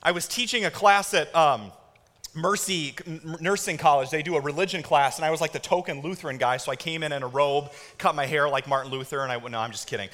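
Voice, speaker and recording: Male pastor in his thirties, sermon delivery, bright forceful tone, long hall reverb. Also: fairly high pitch, a little fast. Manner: animated storytelling with shouted kid impressions. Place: church auditorium.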